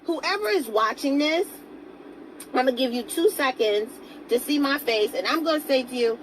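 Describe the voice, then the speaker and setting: A woman with a fairly high voice talks straight to her viewers in a motivational vlog. She sounds earnest and coaxing and keeps asking them pointed questions. Faint traffic hums in the background. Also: animated, moderate pace, low-quality recording. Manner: greets viewers by name mid-talk. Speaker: self-help vlogger. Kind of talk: motivational talk to camera.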